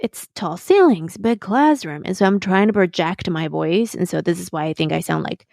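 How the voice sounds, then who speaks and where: A woman's voice: fairly low pitch, normal speed, vocal fry, a little mellow, no room sound. Dry-sounding woman hosting her podcast. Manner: mixes Spanish words into English. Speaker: podcast host. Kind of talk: reflective solo podcast talk.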